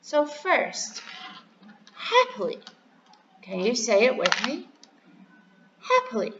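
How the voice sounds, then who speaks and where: A woman teacher slowly giving a review lesson to young pupils, spelling each word letter by letter and asking them to repeat. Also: a little high, huge pitch swings, dull audio, background noise. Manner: slow, clearly spelled out, letter by letter; encouraging, asks to repeat words. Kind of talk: recorded classroom review lesson. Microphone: computer microphone over slides.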